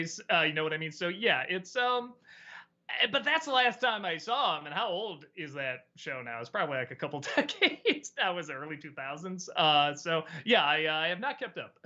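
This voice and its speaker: On a muffled recording, a man with a voice that sits high hosts a weekly Q&A stream. He's relaxed and chatty, rambling through viewer questions and laughing often.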